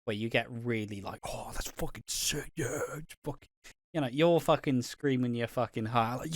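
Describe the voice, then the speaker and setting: A man's voice: mid-range voice, moderate pace, no room sound, clean studio sound. Rambling, sweary young man. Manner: rambling, swears a lot, animated storytelling. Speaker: podcast co-host. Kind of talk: casual chat.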